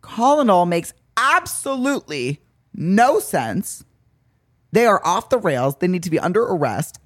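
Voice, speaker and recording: A young man hosting a podcast in casual chat, animated and dramatic with exaggerated outbursts. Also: high voice, a little slow, dry recording, studio quality. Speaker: podcast host. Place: Venice, California.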